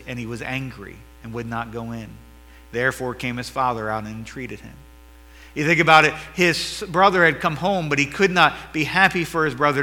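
Man, preacher, sermon, bright tone, loud and quiet swings, reverberant church, mains hum. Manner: swings between loud emphatic preaching and quiet low asides; quotes King James scripture.

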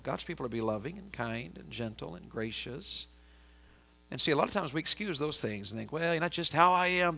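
Folksy, bright-voiced preacher man. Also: medium pitch, vocal fry, slightly rough. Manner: folksy storytelling, swings from loud emphasis to quiet intensity. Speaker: pastor. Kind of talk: sermon.

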